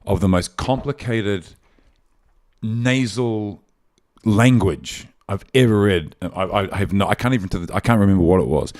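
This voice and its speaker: A man, a podcast host and voice actor, telling rambling, excitable stories in casual chat. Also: on the low side, normal speed.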